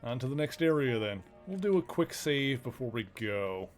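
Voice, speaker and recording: A man streams a video game and chats along in a loose, joking way, full of fillers and asides. His pitch sits mid-range. Faint game music plays behind him. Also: big pitch swings, moderate pace. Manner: chatty and joking, with filler words. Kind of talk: casual let's play commentary.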